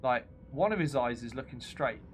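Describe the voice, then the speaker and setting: A man's voice: medium pitch, lively intonation, normal speed, slight background noise. A British man hosting a game stream, giggly and self-mocking as he comments on the game. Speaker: streamer host. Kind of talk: gameplay commentary.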